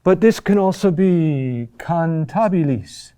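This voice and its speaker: Guy teaching latin chant rhythm, real slow, warm mellow voice, keeps asking huh?. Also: on the high side, animated. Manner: slow, halting, checks in with "huh?"; repeats key words for emphasis. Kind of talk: classroom lecture.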